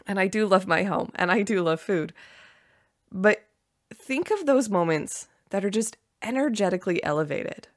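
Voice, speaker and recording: A woman hosting a solo podcast, talking with enthusiasm and acting out excited quotes. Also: mid-range voice, normal speed, no room sound, clean studio sound. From Canada. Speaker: podcast host.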